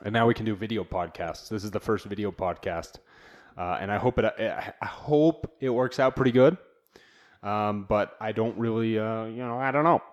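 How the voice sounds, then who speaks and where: A man hosting a casual solo podcast from a home studio, rambling in a relaxed, slangy way. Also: fairly low pitch, moderate pace. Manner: laid-back, slangy, rambling with fillers. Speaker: podcast host.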